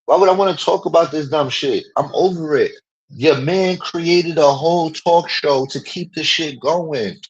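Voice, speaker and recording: A man's voice: on the high side, measured pace, lo-fi sound. Profane, ranting man streamer. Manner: profane, emphatic, repetitive fillers. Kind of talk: heated casual rant.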